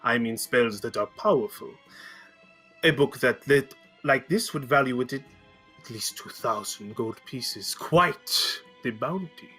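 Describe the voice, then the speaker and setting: DM doing a wheedling merchant prince, persuasive, stilted phrasing, tabletop game. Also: male voice, medium pitch, animated, unhurried, bright, forceful tone, husky, faint music behind, full character voice. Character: smooth scheming male merchant prince, bathing.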